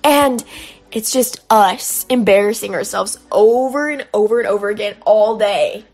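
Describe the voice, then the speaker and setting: A woman's voice: mid-range voice, unhurried, darkish tone, faint music behind. A young woman telling a honeymoon story in a chatty, casual way, full of filler words. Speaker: guest storyteller.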